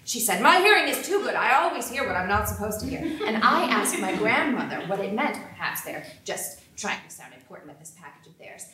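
A woman's voice: medium pitch, big pitch swings, brisk, hardly any pauses, a crowd in the background, natural voice. An actress playing a young woman who tells her family's story, mimicking the neighbors with amused emphasis, recorded from afar in a roomy theater. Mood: lively. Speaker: actor in a staged play reading. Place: theater stage. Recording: roomy hall sound, mic far off.

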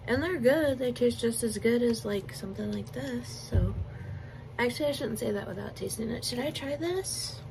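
A woman's voice: on the high side, moderate pace, vocal fry, noisy background. A young woman in a casual eating vlog, chatting and giggling while she chews, recorded on a phone indoors. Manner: chatty, giggly, talks while chewing with mouth full. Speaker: mukbang vlogger.

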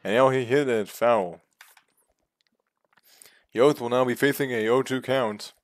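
A man giving play-by-play commentary on a video game baseball league, calm between pitches and yelling on big hits. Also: measured pace, no echo. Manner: jumps from calm calls to loud excited yells.

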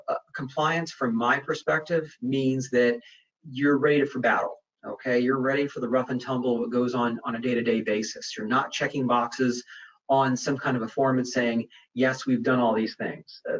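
A man hosts a webinar question-and-answer session, his delivery loose and conversational, full of fillers and self-corrections. His voice sits in an ordinary middle pitch. The audio is muffled and comes from a little way off the mic. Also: far from the mic. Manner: conversational, many fillers and restarts. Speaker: webinar presenter on data privacy. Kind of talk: webinar Q&A talk.

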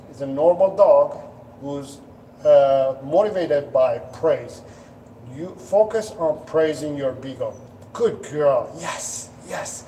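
Slow, mellow-voiced man giving dog advice. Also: medium pitch, distant mic, a little hiss or hum, poor audio. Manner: patient, explanatory, acts out dogs' thoughts in playful voices. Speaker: dog trainer hosting a live Q&A. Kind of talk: casual live-stream advice. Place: indoors at home, dogs nearby.

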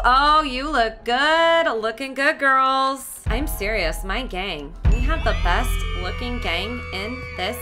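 Woman, game commentary, excitable, stammering, high squeals, slightly high voice, music in background. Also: takes it slowly. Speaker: gaming video host. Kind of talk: playful game commentary in character.

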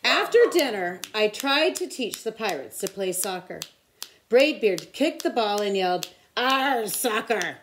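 A woman tutor reading a children's picture book aloud with expressive storytelling. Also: medium pitch, normal speed, a little hiss or hum.

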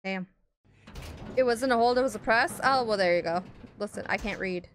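A woman's voice: medium pitch, moderate pace, a little hiss or hum. A young woman gaming streamer giving casual let's play commentary, playful and self-mocking, with frequent exclamations.

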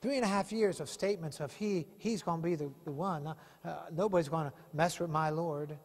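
High-voiced pastor preaching in a reverberant church. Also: male voice, brisk. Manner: impassioned preaching with many rhetorical questions. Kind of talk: sermon. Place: church sanctuary. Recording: long reverb of a church hall.

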